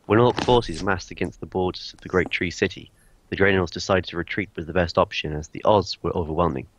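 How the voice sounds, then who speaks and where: Deep-voiced man reading aloud. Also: a little fast, slight background noise. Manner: reads aloud, breaking into laughter. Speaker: tabletop game player. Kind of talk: reading a character backstory aloud. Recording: dull lo-fi sound, dry.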